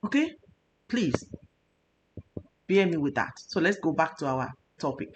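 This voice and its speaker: A woman's voice: deep voice, big pitch swings, a little slow, a little hiss or hum. A Nigerian woman, a nutritionist hosting a health talk show, speaking with emotional emphasis. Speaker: nutritionist host.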